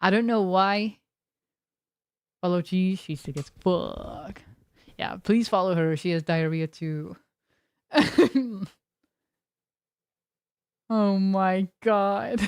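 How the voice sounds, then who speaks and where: Young woman, game streamer, rambling chatter with viewers, low-pitched smooth voice. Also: dry recording, clean studio sound. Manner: rambling, chatty, laughs often. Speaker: variety streamer. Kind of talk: casual chat with live viewers.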